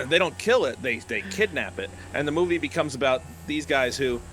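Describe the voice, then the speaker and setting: A man co-hosting a live game stream, chatting casually and animatedly, his voice leaping up when excited and laughing often. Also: on the high side, moderate pace, over a noisy crowd. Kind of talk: casual chat.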